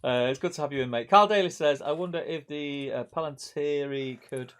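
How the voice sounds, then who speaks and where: A man's voice: a little high, brisk, fairly bright tone, clear, resonant tone. A man co-hosting a casual hobby stream, reading viewer comments aloud, laughing often and trailing off.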